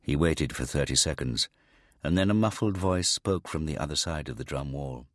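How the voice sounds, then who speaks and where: Casting: male audiobook narrator, very low voice, measured, dry studio read. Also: fairly bright tone, no echo. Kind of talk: scripted narration.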